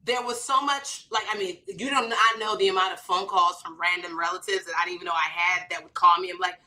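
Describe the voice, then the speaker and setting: A woman in her thirties, an author and comedian, telling animated stories in conversation and acting out quoted lines with big jumps in pitch. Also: fast.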